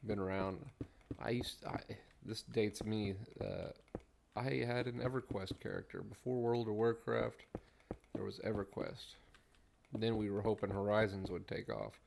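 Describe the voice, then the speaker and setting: A middle-aged man with a low, gravelly voice chats in a mellow, rambling way while he plays a game, humming idly as he builds. He talks into a desk mic, and a steady noise runs behind him along with keyboard clicks. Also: normal speed. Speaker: streamer. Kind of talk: relaxed gameplay commentary.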